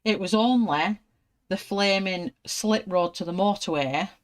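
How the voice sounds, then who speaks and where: A British woman chatting casually and telling lively anecdotes while she colours an illustration. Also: mid-range voice, measured pace, a little hiss or hum. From United Kingdom. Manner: chatty, animated anecdotes, acts out her own panicked voice. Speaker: art channel host.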